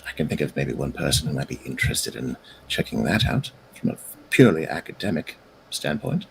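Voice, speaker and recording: A man's voice: a bass voice, very animated, brisk, gravelly, low-quality recording. A man playing a tabletop game, describing his character's actions and speaking in character in a playful, jokey way. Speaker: player. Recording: faint background noise.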